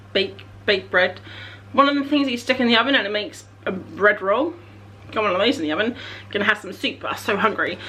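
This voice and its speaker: A young woman, chatting casually through her day in a relaxed vlog. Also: mid-range voice. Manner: chatty and relaxed, self-deprecating. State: out of breath after a run. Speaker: vlogger.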